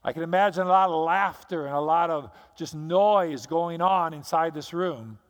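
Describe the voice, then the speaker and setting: A pastor with a high, bright voice delivers a sermon, telling the story dramatically and acting out scenes. He sounds like he is in a church hall, with a long reverb trailing each phrase. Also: normal speed.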